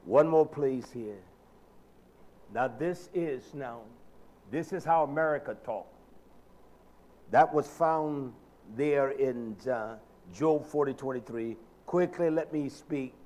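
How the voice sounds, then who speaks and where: A male preacher giving a sermon in a dramatic, colloquial manner, swinging from shouted lines to low murmurs. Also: slow pace.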